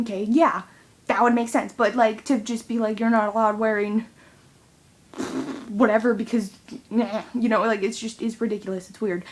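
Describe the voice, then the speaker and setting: A young adult woman vlogging, venting in a rambling, swear-heavy way full of fillers. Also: a little high. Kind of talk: casual venting monologue.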